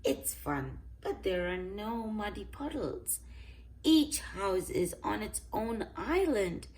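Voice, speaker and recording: A woman reading a picture book aloud to children with gentle, expressive storytelling. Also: medium pitch, slow pace.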